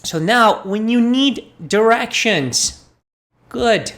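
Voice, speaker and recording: A woman's voice: a little high, animated, slow, a bit bright. A woman teaching a language lesson, patiently repeating phrases for learners. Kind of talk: slow spoken language lesson.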